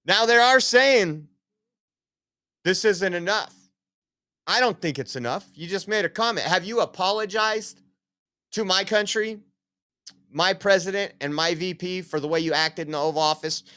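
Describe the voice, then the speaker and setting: A man's voice: high voice, moderate pace, long pauses, sharp tone, clear, resonant tone. A man hosting opinionated political commentary, reading quotes aloud and laughing at them mockingly.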